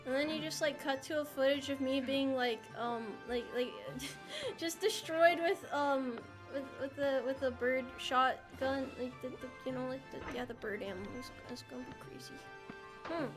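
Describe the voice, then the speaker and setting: Chatting casually while gaming, a young American streamer rambles playfully and responds to her chat. She speaks at a moderate pace in a high-sitting voice, with music in the background.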